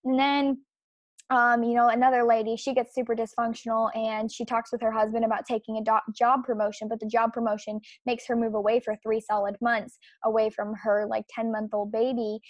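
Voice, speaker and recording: A young woman hosts her podcast with indignant, emphatic commentary. Her voice sits fairly high and turns scornful as she presses her points. The sound is dry and close, with no room echo. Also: level tone, fairly quick, muffled recording. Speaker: podcast host. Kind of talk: opinionated commentary.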